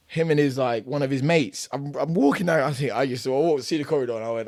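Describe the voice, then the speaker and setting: A man's voice: medium pitch, lively intonation, fast talker, hardly any pauses, a little mellow, no echo. A young British man, a boxer, telling a backstage story on a podcast in casual slang, acting out both sides of the argument and laughing as he goes.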